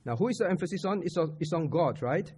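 A Singaporean man preaches to a camp audience in a husky, somewhat high voice. He stays conversational, keeps checking in with questions and circles back to repeat his key points. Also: animated, quick pace, a little mellow. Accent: Singaporean English. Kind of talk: sermon teaching on scripture.

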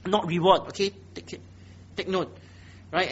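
A man preaching a sermon, emphatic, often dropping to low, quiet exhortation. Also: lively intonation, fairly quick, husky. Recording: dull lo-fi sound.

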